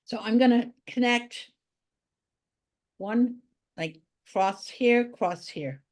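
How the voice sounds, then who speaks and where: A woman's voice: on the high side, takes it slowly, darkish tone. A woman art teacher giving a drawing tutorial, talking chattily and thinking aloud as she draws.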